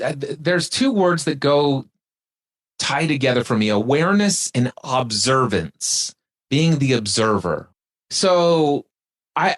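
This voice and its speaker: A man on a podcast, talking reflectively about spiritual awareness and leading the listener through spoken exercises. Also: medium pitch. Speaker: podcast guest. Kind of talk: casual spiritual conversation.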